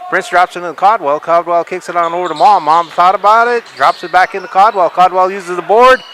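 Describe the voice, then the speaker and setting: A man's voice: high-pitched, steady tone, fairly quick, a bit bright, a little hiss or hum. A man commentating a basketball game on a webcast, describing each pass in a chatty way. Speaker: color commentator. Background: gym ambience, ball bouncing.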